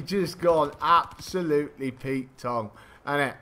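Bright-voiced man giving game commentary. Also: a little high, brisk, slight background noise. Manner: excitable, swears often, mocks his own play. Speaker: gaming channel host. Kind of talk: live gameplay commentary.

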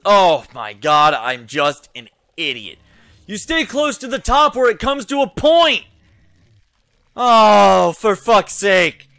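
Young male gaming YouTuber, bright lively voice, frustrated and cursing, slow delivery. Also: high-pitched, no room sound, faint music behind. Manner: frustrated, swears a lot, muttering to himself. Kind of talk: let's play commentary.

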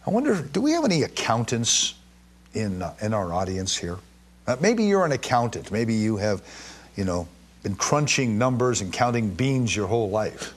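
Very animated, a slightly husky-voiced man teaches scripture to a live audience as a Bible teacher, his pitch climbing and dropping freely to emphasize key words. He gives the verses a slow, weighty reading, then turns chatty with asides and questions for the crowd.

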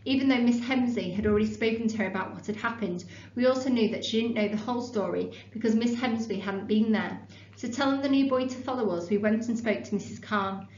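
A woman teacher reading a children's novel aloud to a class in a classroom, stopping briefly to explain it. Her reading is steady. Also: a little high, a little fast. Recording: roomy room, dull lo-fi sound.

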